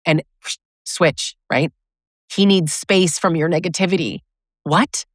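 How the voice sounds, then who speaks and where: Speaking slowly in a lowish voice, a woman coaches on relationships directly to camera, her advice blunt and sarcastic, with quoted lines acted out along the way. The recording is dry and studio-clean.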